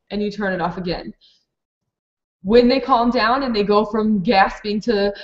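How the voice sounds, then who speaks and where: A woman's voice: medium pitch, measured pace, reverberant, highs cut off. A woman who runs a preschool program, presenting a live online training for teachers in a practical, explanatory way with many fillers and restarts.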